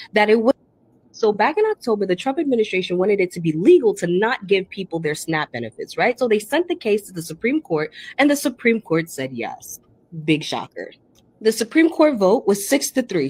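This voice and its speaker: Emphatic woman, lively political commentary. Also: medium pitch, breathy edge, dry recording. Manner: emphatic, storytelling.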